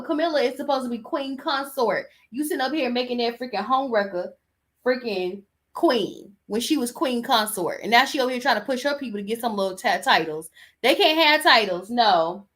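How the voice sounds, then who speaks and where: Sassy animated woman podcaster. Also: sits high, moderate pace. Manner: sassy, animated, talks back at clips. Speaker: podcast host. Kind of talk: casual commentary.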